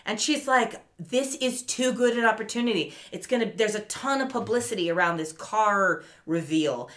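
Chatty woman recapping a show. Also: mid-range voice. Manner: animated, acts out characters' lines in quick quotes. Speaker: podcast co-host. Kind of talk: casual chat recapping a TV episode.

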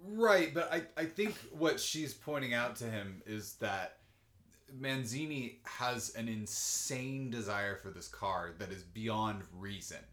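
A man co-hosting a podcast, reacting with joking exasperation as he picks apart a show's premise. His voice sits at a middling pitch and has an easy, conversational delivery. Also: slow pace, a bit bright. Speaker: podcast co-host. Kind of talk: casual chat recapping a TV episode.

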